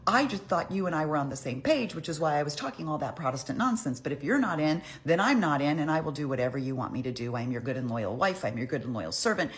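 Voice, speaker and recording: A woman voicing a clever young queen who talks in a dramatic, high-strung way. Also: very animated, fast, few pauses. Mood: pleading.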